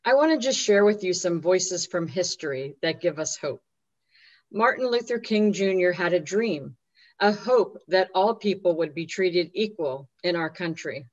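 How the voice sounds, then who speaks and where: A woman addresses graduates in a formal ceremony speech, earnest and measured. Her voice sits a little low. The audio sounds dull and muffled. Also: expressive.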